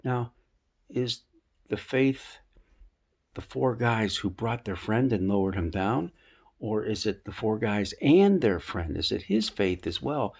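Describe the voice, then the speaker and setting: A man teaching a casual Bible lesson outdoors, telling the story in a folksy, animated way with rhetorical questions. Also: lowish voice, slow, creaky, husky. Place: rooftop outdoors.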